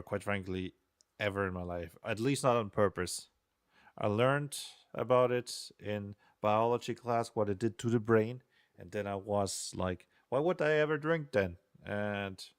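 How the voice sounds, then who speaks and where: Young man, casual streamer, rambling self-deprecating chatter, lowish voice, dry close mic. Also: clean tone, dry recording. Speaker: game designer streaming programming. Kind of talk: casual live-stream chatter while coding.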